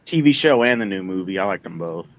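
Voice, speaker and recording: A man chatting casually on a group call, rambling and trailing off into quiet asides. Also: low voice, expressive, fast talker, muffled recording. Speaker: livestream participant.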